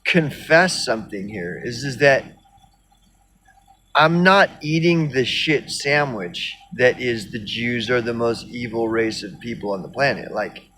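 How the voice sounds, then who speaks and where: A man's voice: medium pitch, expressive, measured pace, pushed and bright. A man ranting casually on his video blog, rambling and sardonic with lots of swearing. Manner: rambling, profane, sardonic, many fillers. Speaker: video blogger. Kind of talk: casual rant.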